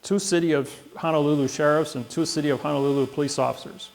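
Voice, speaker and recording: A man giving a seminar lecture, telling courtroom stories and acting out the exchanges with a raised voice, self-assured with halting restarts. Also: on the high side, steady tone. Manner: storytelling, acts out quoted exchanges with raised voice.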